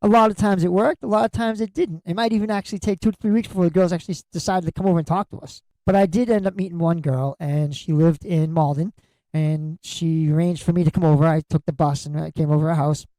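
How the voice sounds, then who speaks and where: A man's voice: a little high, steady tone, quick pace, dark tone, no echo, rough recording. A middle-aged man hosting a podcast, telling comic stories in a crude, joking way and swearing freely as he acts out what people said. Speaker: podcast host. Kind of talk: comedic storytelling monologue.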